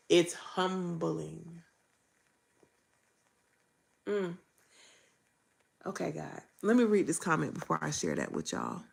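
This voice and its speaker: Woman vlogger, gravelly, low-set, preachy and repetitive in delivery. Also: sing-song, slow pace, pauses often, a little mellow. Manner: raw, emphatic, preachy, repeats phrases. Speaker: faith vlogger. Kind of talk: candid faith vlog.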